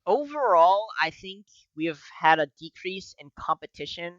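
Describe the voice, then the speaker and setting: A man with a fairly high, bright and forceful voice, chatting on a podcast with plenty of swearing and laughter. The recording is dry and a little dull and lo-fi. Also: normal speed, dry recording. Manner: profane, animated, laughs often. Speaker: podcast co-host. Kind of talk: casual political podcast chat.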